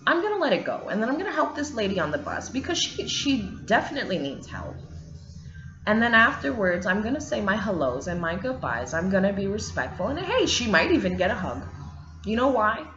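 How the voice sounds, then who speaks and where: A woman's voice: mid-range voice, very animated, fairly quick, a bit bright. A woman vlogging candidly about single parenthood, blunt, swearing freely and speaking with emphasis. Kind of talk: candid casual monologue. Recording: echoey room, dull lo-fi sound, faint music.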